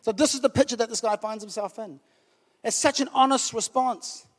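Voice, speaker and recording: A man's voice: very high-pitched, brisk. A male pastor from New Zealand preaching a sermon to a church crowd, conversational and passionate, with sudden emotional outbursts. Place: church hall with about a hundred people. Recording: long hall reverb.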